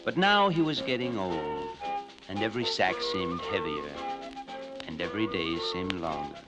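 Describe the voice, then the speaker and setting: A man narrating fairy tales in an animated, expressive storytelling manner. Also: deep voice, moderate pace, over loud music, low-quality recording. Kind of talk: scripted fairy-tale narration.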